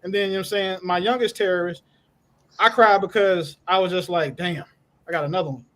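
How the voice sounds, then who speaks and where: A man's voice: sits high, fairly even intonation, brisk, a bit bright. A man in his thirties in a casual panel chat, laid-back, blunt and joking.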